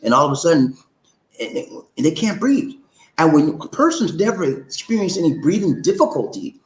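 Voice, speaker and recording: A man hosting a casual livestream who talks loosely and animatedly, jumping up high when he gets worked up. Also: moderate pace, roomy sound, low-quality recording. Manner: animated, swings up high when excited, says "man" and "okay?". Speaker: livestream host.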